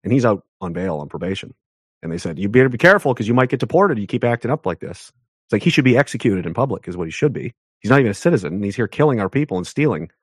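A man from Canada talks at a rapid clip as an interview guest, hammering his points home in a heated rant. His voice leaps upward whenever he stresses something. The sound is dry and close, with no room around it. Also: expressive, husky, dry recording. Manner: emphatic, ranting, pitch jumps up sharply for emphasis.

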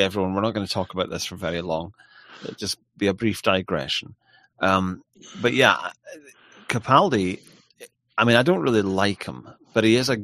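Blunt low-voiced Englishman talking. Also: a bit bright, no room sound. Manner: blunt, opinionated, swears freely. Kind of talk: casual conversation.

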